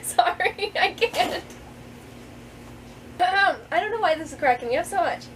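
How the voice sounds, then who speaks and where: A woman's voice: very high-pitched, animated, fast, fairly bright tone, slight background noise, rough recording. A woman author in a casual vlog, reading aloud from her own book, chatty and often breaking into giggles. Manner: giggly, keeps breaking into laughter; chatty, with many fillers and restarts.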